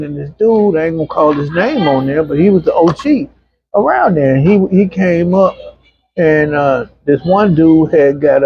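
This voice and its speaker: A middle-aged man, an interview guest telling personal stories in a casual, animated way and acting out other people's voices. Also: fairly high pitch, creaky. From Arkansas, USA. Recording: dull, muffled lo-fi sound.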